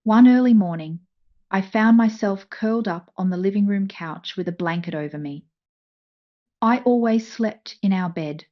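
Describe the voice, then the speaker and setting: A woman narrating a first-person story in a soft, measured, emotional way. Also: mid-range voice, highs cut off.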